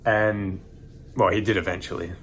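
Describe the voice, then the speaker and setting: Laid-back young Australian man, low voice. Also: moderate pace, a little hiss or hum. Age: 20s. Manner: relaxed, rambling, lots of ums. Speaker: vlogger and first-time fighter. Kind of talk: casual vlog monologue.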